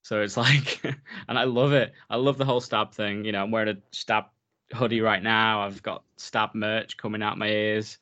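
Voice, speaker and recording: A man in his thirties co-hosts a casual film podcast, enthusiastic and rambling, with lots of fillers. His fairly low voice has a level tone at normal speed and sounds pushed and bright.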